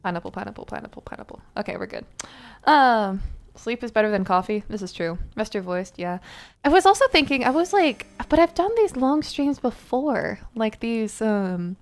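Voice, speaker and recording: A woman's voice: a little high, big pitch swings, moderate pace. Tired young woman streamer chatting. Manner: chatty, rambling with many fillers and laughs. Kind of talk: casual stream chat.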